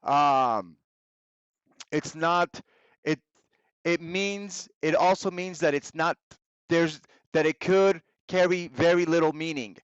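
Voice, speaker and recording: A young man teaches English to students in a live online class, his plain as he moves between the two languages. His voice sits fairly high and he takes each word slowly and carefully. The sound is dry and a little dull, like a basic streaming mic. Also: smooth. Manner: patient, explains slowly, switches between English and Spanish.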